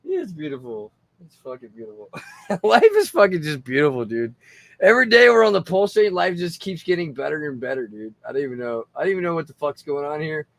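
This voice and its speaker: A man's voice: fairly high pitch, very animated, brisk, gravelly, fairly bright tone, no room sound. A tipsy man hosting a casual livestream, rambling and swearing between laughs. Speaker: livestream host.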